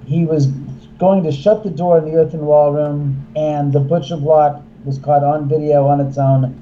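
A man, a haunted house owner and filmmaker, telling an animated story and acting out the voices of the people in it. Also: on the high side, moderate pace, dull audio, a little hiss or hum. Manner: acts out quoted voices, excitable.

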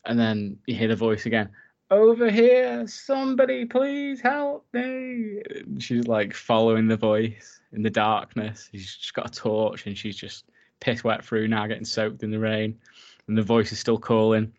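A man's voice: fairly low pitch, monotone, moderate pace, muffled recording. A man casually recapping a horror film for his co-host, enthusiastic and swearing freely. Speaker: podcast co-host.

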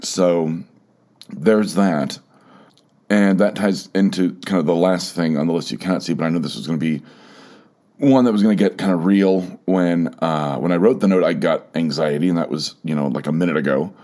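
A man hosting a personal solo podcast, talking in a halting way with many restarts and repeated words, emotional and close to tears. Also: low voice, warm tone. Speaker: podcast host.

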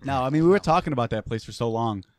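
A man's voice: medium pitch, rapid-fire, no echo, studio quality. A man co-hosting a podcast in casual chat, joking and swearing often. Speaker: podcast co-host.

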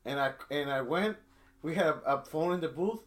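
Man, middle-aged, casual storytelling, fairly high-pitched, rambling, restarts. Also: animated, normal speed. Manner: rambling, many restarts, acts out quotes. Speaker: storyteller guest.

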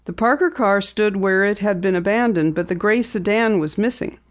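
A reader giving steady, measured narration of a mystery novel. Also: mid-range voice. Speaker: audiobook narrator. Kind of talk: scripted narration. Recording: dull lo-fi recording.

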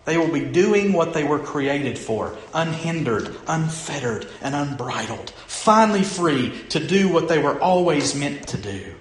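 A middle-aged man preaches a sermon in a church. His voice sits a little high for a man, and it rings around an echoey room. He keeps putting questions to the congregation and swings between loud emphasis and hushed words. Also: very animated, unhurried, few pauses. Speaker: pastor.

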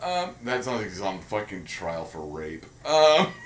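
A man's voice: lowish voice, takes it slowly, reverberant, a little hiss or hum. A man co-hosting a podcast in casual chat, joking and rambling with lots of energy. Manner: jokey, rambling, animated. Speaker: podcast co-host.

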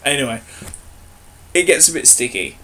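A man's voice: mid-range voice, animated, moderate pace, very noisy. A man joking crudely in a casual chat, putting on mock voices and giggling. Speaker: podcast host. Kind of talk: comedic banter.

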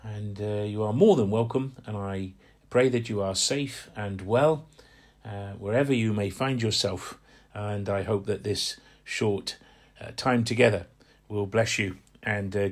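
A man from Hampshire giving a gentle, rambling radio devotional reflection, with frequent fillers. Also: lowish voice. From Hampshire, England.

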